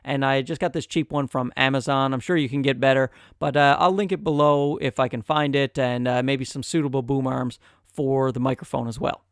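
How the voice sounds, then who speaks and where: A man's voice: mid-range voice, fairly even intonation, a little fast, clean tone, no room sound. A man with a nasal voice, hosting a casual, joking product review into a close condenser mic. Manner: chatty, joking asides, frequent "uh" fillers. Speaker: tech reviewer, channel host. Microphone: close USB condenser mic with pop filter.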